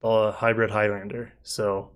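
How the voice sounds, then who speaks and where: A man's voice: lowish voice, flat delivery, measured pace, clear, resonant tone. A young man hosting a casual live stream as a car reviewer, rambling easily through viewer comments with many fillers. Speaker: car reviewer and channel host.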